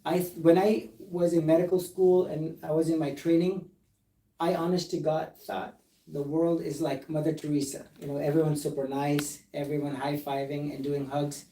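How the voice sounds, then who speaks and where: A man's voice: fairly high pitch, flat delivery, moderate pace, dark tone, roomy sound, far from the mic, poor audio. A man who is a plastic surgeon, speaking earnestly and emphatically and reading documents aloud during a recorded live discussion.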